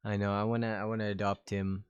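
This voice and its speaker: A man streaming live and chatting casually with viewers, giggling often and gasping with excitement. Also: lowish voice, fast, clean tone, no echo, dull audio. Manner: giggly, excitable, gasps and frequent exclamations.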